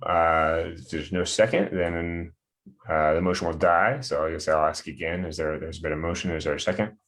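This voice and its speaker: Very deep-voiced man chairing a meeting. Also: fairly even intonation, normal speed, fairly bright tone. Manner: hesitant, many fillers and restarts. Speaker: board chair.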